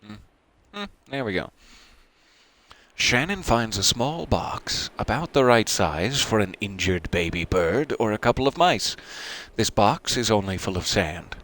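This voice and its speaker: A man's voice: fairly low pitch, animated, a little slow, a bit bright, poor audio. A man hosting a let's play, reading the game's text aloud and adding dry, self-mocking asides.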